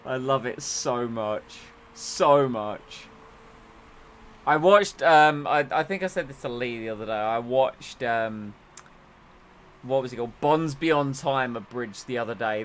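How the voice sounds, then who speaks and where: A man's voice: medium pitch, measured pace, fairly bright tone. A man streaming a racing management game, chatting casually and urging his driver on. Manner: urges his driver on, slips into playful accents. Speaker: gaming streamer.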